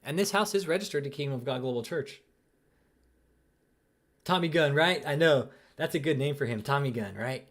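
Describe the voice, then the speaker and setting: A man's voice: on the high side, normal speed, pauses often, a bit bright. A young man hosting a live stream, ranting angrily with heavy swearing and tagging his lines with "dude" and "man". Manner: angry, profane, repeats "dude" and "man". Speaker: channel host.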